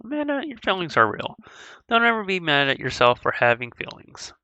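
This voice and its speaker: A woman voicing a goofy, caring dad in video game dialogue read aloud, earnest and a little fumbling with gentle jokes. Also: lowish voice, big pitch swings, brisk, no room sound, lo-fi sound, voice pushed up. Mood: advising.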